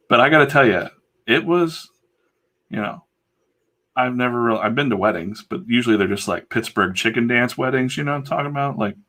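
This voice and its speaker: A man's voice: mid-range voice, expressive, normal speed, long pauses, pushed and bright. A man who livestreams himself drawing comics, telling a rambling, casual story full of fillers and asides. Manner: chatty, digressive, full of fillers.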